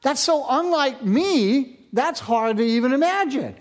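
A man's voice: extremely high pitch, animated, a little slow. Middle-aged guy preaching, jokes on himself, voice jumps all over when he gets fired up. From central Pennsylvania. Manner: self-mocking, jokey asides, gets passionate and louder. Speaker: pastor. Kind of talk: sermon.

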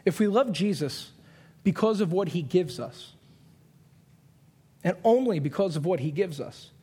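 Young man preaching with lively storytelling. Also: high voice, husky. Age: 20s. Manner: storytelling with animated put-on voices and quick asides; earnest, repeats key lines for emphasis. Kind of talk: sermon.

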